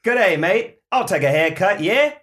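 A man doing a put-on Australian accent for a loud, cheery milkman character. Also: high-pitched, expressive, moderate pace, a little hiss or hum, voice pushed up. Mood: chirpy. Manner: loud, chirpy, exaggerated. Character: cheery Australian milkman who moved to Boston.

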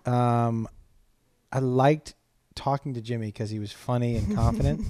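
A man's voice: mid-range voice, measured pace, warm tone, no echo. A man hosting a casual chat, blunt and teasing, who laughs as he tells stories.

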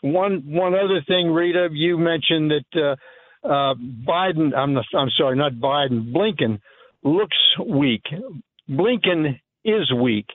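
A man calling in to a talk radio show, speaking scornfully with many halting fillers and restarts. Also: on the high side. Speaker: caller or guest on the phone. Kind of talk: opinionated talk radio commentary. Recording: tinny phone line.

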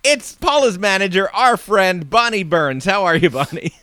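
Bright, lively man teasing playfully. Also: sits high, normal speed, no room sound. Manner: playful teasing, mock introductions. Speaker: podcast host. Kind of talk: casual comedic chat.

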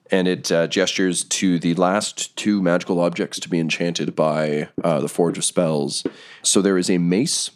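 A man running a tabletop game as dungeon master, narrating calmly with frequent fillers. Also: deep voice, a little slow. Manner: calm, explanatory narration with fillers.

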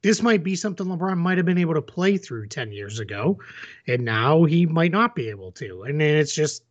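A man's voice: mid-range voice, highs cut off. A man co-hosting a sports podcast, talking casually with many fillers and restarts. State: has the hiccups. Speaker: podcast co-host.

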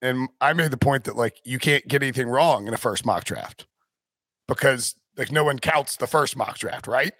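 A man's voice: medium pitch, moderate pace, fairly bright tone, dry recording, studio quality. A man hosting a casual sports podcast, rambling through his points with restarts and fillers. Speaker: podcast host.

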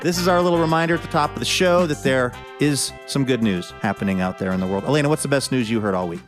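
A man from the US Northwest hosting a radio show, chatty and quick to laugh. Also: medium pitch, music in the background. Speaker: host.

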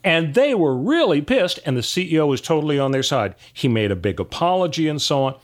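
A man's voice: fairly high pitch, sing-song, a little fast. A man co-hosting a talk podcast, with wry, playful delivery and mock-dramatic asides. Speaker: podcast co-host. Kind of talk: casual banter.

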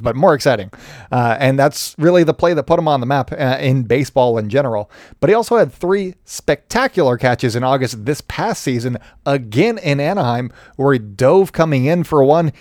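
A man's voice: mid-range voice, darkish tone, dry recording. A man talks alone into a podcast mic and keeps it loose and chatty. He jokes at his own expense, and his voice sits in an ordinary middle range. The sound is close and dry. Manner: chatty, joking and self-deprecating. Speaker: sports podcast host. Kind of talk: casual solo podcast commentary.

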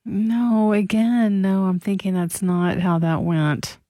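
High-voiced dry radio co-host man. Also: flat delivery, takes it slowly, mellow, no echo. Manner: dry, low-key replies. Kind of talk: casual talk radio banter. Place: radio studio.

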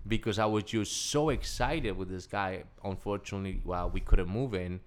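Excitable man telling a story, slightly low. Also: normal speed. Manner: excitable, acts out quoted dialogue. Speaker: guest. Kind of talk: animated personal storytelling.

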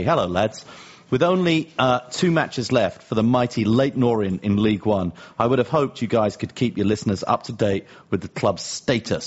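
A man's voice: lowish voice, breathy edge, muffled recording. A man co-hosting a podcast, chatting casually with dry, teasing banter. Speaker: podcast co-host. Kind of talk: casual chat.

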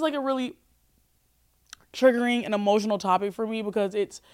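A woman in her twenties hosting a podcast, chatting casually and answering calls with animated, profane, joking rants. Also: medium pitch, clean tone, dry recording, clean studio sound. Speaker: podcast host.

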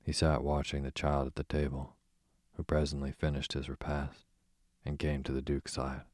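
A man calmly reading a story aloud to help listeners fall asleep. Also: very deep voice, moderate pace, no room sound, studio quality. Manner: calm, soothing reading for sleep. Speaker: narrator.

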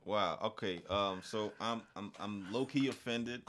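A man's voice: on the low side, unhurried, fairly bright tone, a little hiss or hum. A man hosting his own chat show, playful and exclamatory as he welcomes guests and banters. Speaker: host. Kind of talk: casual chat.

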